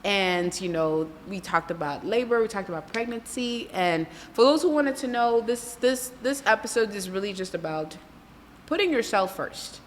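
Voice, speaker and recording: A woman hosts a podcast in a loose, playful way, laughing easily and slipping into French now and then. Her pitch rises and falls a lot. The room has a long echo and clear background noise. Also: expressive, normal speed. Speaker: podcast host. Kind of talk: casual chat.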